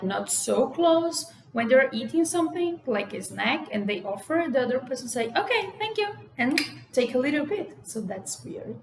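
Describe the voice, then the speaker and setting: A woman's voice: a little high, creaky. A young woman from Brazil with a Brazilian Portuguese accent, chatting casually to camera in English and filling her talk with "like" and "you know". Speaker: vlogger. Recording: echoey room with faint ambient noise.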